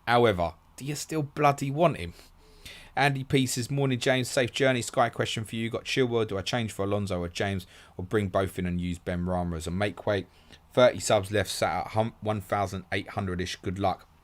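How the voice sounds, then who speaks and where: Brisk low-voiced man hosting. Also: flat delivery. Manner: brisk, matey, reads questions then answers. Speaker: podcast host. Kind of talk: live stream answering listener questions.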